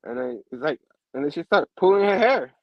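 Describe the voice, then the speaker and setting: A man's voice: a little high, very animated, brisk, no echo, lo-fi sound. A man hosting a casual comic book review show, laughing often and saying "you know what I mean" again and again. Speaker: host.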